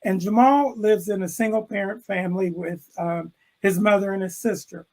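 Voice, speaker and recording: An older man, an educator, telling a classroom story with animated delivery and acting out the characters' lines over a video call. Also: high-pitched, moderate pace, poor audio. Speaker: interview guest, educator. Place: room with bookshelves.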